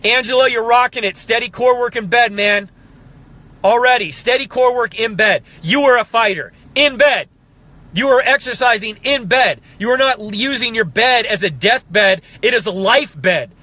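Man, 30s, fitness coach, motivational pep talk, bright forceful tone, fired up. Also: very high-pitched, moderate pace. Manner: passionate, fired-up, emotional. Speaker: exercise coach for people with MS.

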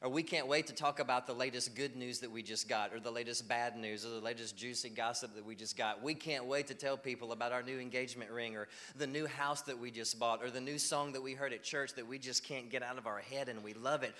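A male pastor delivering a sermon to his congregation, energetic and rising loud when he acts out examples. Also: mid-range voice, fairly quick, few pauses. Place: church sanctuary. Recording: long reverb of a church hall.

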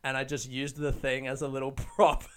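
A man's voice: mid-range voice, little pitch movement, normal speed, a bit bright, clean tone. A man hosting a podcast, rambling in a laid-back way with laughs, recording outdoors under a tree. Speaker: podcast host. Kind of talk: casual podcast chat.

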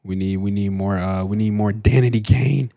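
A man's voice: on the low side, fairly even intonation, moderate pace, creaky, warm tone, no echo, clean studio sound. A man co-hosting a podcast, chatting casually in a laid-back, agreeable way. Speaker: podcast co-host. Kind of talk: casual chat.

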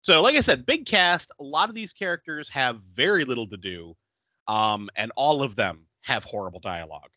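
A man's voice: mid-range voice, normal speed, no room sound, dull audio. A man hosting a podcast, recapping a film in casual chat and laughing often. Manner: laughs often, animated and chatty. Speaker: podcast host.

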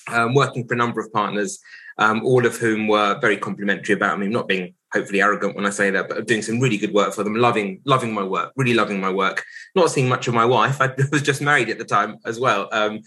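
A man, recounting a painful story from his working life. His voice sits fairly low but has a bright, forceful edge. He speaks candidly and reflectively, hesitating and restarting often. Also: fairly even intonation, fast talker, rough recording. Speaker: podcast guest, solicitor.

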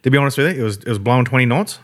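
A man's voice: mid-range voice, animated, rapid-fire. Swearing Australian man telling yarns. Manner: swears constantly, rambling storytelling with laughter. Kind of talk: casual podcast chat.

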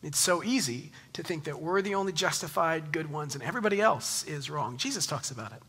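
A man in his thirties preaching a sermon in an animated, conversational way, joking with the congregation. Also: a little high, brisk, breathy edge. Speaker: pastor. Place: church in Texas.

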